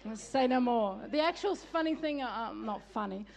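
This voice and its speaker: A middle-aged woman preaching a sermon, telling lively family stories with laughter and building into emphatic calls of "come on". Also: on the high side, normal speed, creaky, a faint crowd.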